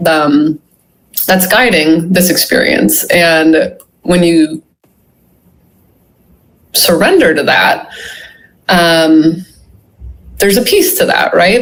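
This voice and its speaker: A woman's voice: lowish voice, low-quality recording. A woman being interviewed about her memoir, telling a personal story in a reflective way, full of "you know" and "like". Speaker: guest, memoir author.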